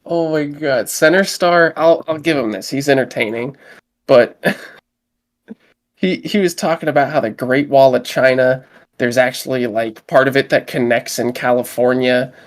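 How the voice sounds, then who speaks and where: Laid-back joking man, mid-pitched. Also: a little slow. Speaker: podcast co-host. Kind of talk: casual chat.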